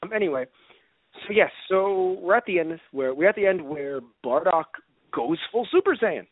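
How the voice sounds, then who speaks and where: A high-pitched man co-hosts a live radio show at a normal speed, chatting casually with animated, enthusiastic rambling. The sound is dry and tinny, like a phone line.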